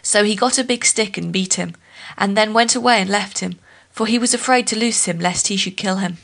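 Female storyteller, steady folk-tale reading. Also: medium pitch, a little fast, vocal fry.

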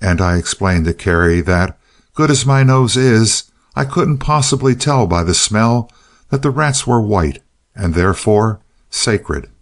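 Low-voiced man narrating a storybook, dry and sly. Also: expressive, a little slow. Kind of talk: storybook narration as the dog himself.

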